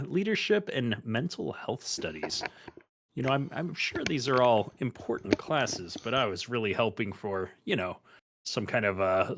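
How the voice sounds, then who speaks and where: Low-voiced stammering role-play player man. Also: fairly bright tone. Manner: hesitant, stammering restarts. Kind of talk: in-character tabletop role-play.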